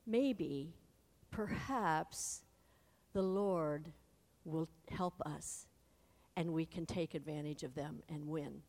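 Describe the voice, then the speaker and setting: A woman voicing a brave young male warrior in an earnest, measured tone while retelling a Bible story. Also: deep voice, darkish tone, full character voice. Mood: resolute. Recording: long hall reverb.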